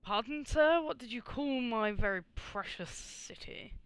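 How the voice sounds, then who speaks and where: Game master doing a haughty city guard, armored and burly, bright, slow formal speech, tabletop game. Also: mid-range voice, expressive, clean tone. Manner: stiff formal politeness, quick to take offense.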